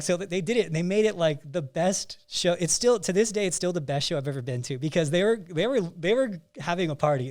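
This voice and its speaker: A man, a coach and podcast host, telling a rambling, animated story with lots of "like" fillers. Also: sits high. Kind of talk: casual storytelling chat.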